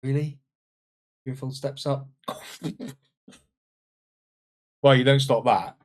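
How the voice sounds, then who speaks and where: A man commenting on his own football management game, swinging between loud exclamations and muttered asides. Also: medium pitch, fairly even intonation, slow pace. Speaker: gaming channel host. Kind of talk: let's-play commentary.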